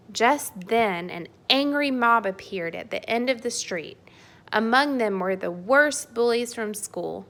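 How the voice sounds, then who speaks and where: Lady reading a kids storybook out loud, slow and playful, bright voice. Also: a little high. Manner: expressive, playful narration. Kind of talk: children's storybook read-aloud.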